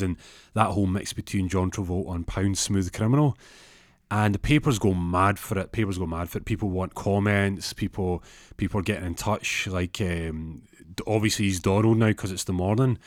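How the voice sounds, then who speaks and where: A man's voice: sits low, fairly even intonation, brisk, dry recording, clean studio sound. A man telling a rambling comic story, full of fillers and repeated words. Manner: rambling, lots of fillers and repeats, acts out other voices.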